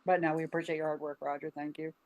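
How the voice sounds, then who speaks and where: A woman's voice: low-pitched, little pitch movement, very fast, a little mellow. A woman from Arkansas hosting a casual group video call, chatty and laughing, talking with many fillers while sick with covid. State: ill with covid. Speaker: host.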